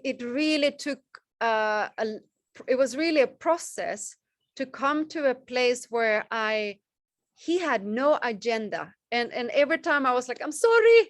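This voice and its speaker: A woman teaching Sanskrit chant pronunciation on a video call, gentle and encouraging, halting with many restarts. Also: fairly high pitch, no echo.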